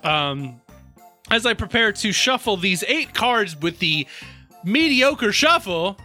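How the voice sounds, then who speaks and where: A man's voice: high-pitched, animated, measured pace, sharp tone, soft background music. A man co-hosting a podcast in casual chat, playful and wordy with a mock-formal streak. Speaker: podcast co-host.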